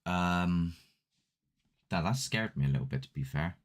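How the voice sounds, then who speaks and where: A man with a low voice, lively intonation, and a slightly slow pace hosts a paranormal channel, chatting casually and a bit ramblingly with live-stream viewers. He's chatty and self-deprecating, speaking into a desk mic with a ring light.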